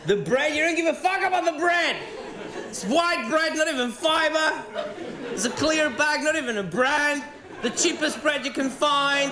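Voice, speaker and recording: A man from Venezuela with a Venezuelan Spanish accent, Spanish-speaking by birth, doing animated, profane stand-up comedy on stage. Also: extremely high pitch, normal speed, a crowd in the background. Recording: roomy theatre with audience laughter.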